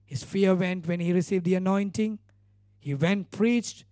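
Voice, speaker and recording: A man's voice: sits high, measured pace, dark tone, no room sound, clean studio sound. A male pastor preaching a sermon, retelling scripture earnestly with emphatic repeated phrases.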